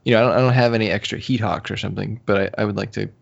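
A man with a low, gravelly voice chats casually as a podcast co-host, trailing into laughter and hesitant restarts. The recording sounds muffled and lo-fi. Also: steady tone, very fast. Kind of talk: casual chat. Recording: muffled lo-fi audio.

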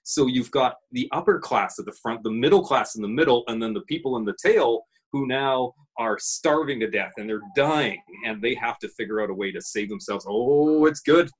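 A man running through TV picks in casual chat, animated and playfully dramatic. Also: medium pitch, normal speed, few pauses, slightly rough. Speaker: show panelist reviewing TV.

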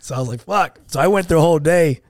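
A man's voice: a little high, fast talker, no room sound, studio quality. A man co-hosting a podcast, telling a story and acting out what others said. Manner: animated storyteller, acts out quotes. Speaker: podcast co-host. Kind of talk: casual storytelling.

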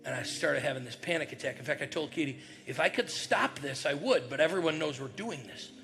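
A middle-aged man preaching a conversational sermon, telling a personal story and acting out the voices in it, with loud bursts now and then. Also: on the high side, expressive, brisk, vocal fry, faint music behind. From northern New York. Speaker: pastor.

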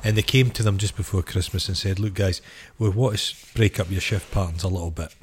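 A man's voice: sits low, steady tone, quick pace, a little hiss or hum. A Scottish man co-hosting a podcast, chatting casually and dropping dry, wry jokes. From Scotland. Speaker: podcast co-host. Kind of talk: casual chat.

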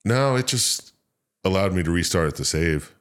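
A man's voice: low voice, lively intonation, normal speed, fairly bright tone, clean tone. A man co-hosting a gaming podcast, talking in a laid-back way, swearing casually and laughing often. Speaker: podcast co-host. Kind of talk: casual chat.

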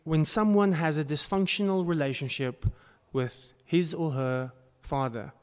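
A man preaching as a pastor speaks earnestly at a measured pace, now and then erupting into emphatic bursts. His voice sits somewhat high for a man, smooth and darkish in tone, and echoes with the long reverb of a large church hall.

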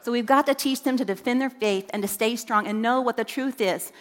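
A middle-aged woman speaks from a church stage mic, her voice a little high and ringing out with a long hall reverb. She preaches earnestly and with emphasis to parents, tossing questions to the children in the room. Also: a little fast. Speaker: children's ministry director. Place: church sanctuary.

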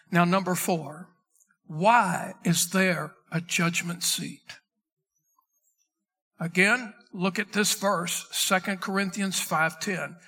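High, bright-voiced preaching pastor. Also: male voice. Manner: emphatic preaching, stretches key words, reads scripture aloud. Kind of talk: sermon.

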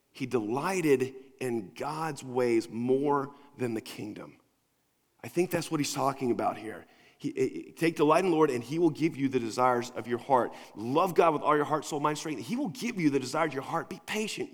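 A male pastor preaching a sermon in a casual, conversational way, moving between quiet asides and emphatic points. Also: medium pitch, animated, normal speed. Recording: long reverb of a large hall.

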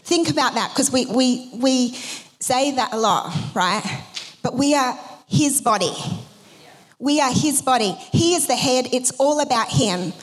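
A woman's voice: high-pitched, expressive, measured pace. A woman pastor giving a conversational sermon, with frequent fillers and restarts as she talks.

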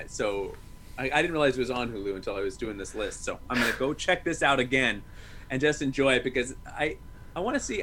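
A man in his thirties co-hosting a podcast, chatting casually about movies in a jokey, animated way with many restarts. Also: on the high side, slight background noise. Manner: jokey, animated, self-interrupting. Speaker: podcast co-host. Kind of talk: casual movie-review chat.

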